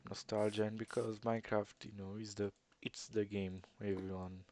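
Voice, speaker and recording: A man's voice: lowish voice, level tone, normal speed, hardly any pauses, heavy background noise. A young man with an Eastern European accent, rambling through casual gameplay commentary in a hesitant, self-deprecating way. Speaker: let's player.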